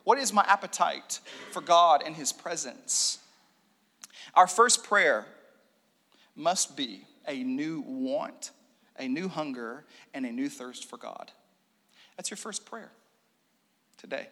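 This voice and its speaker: A man preaching a sermon in a church room, animated, with joking asides and hushed prayer. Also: a little high, takes it slowly, long pauses. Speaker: pastor. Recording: long reverb of a hall.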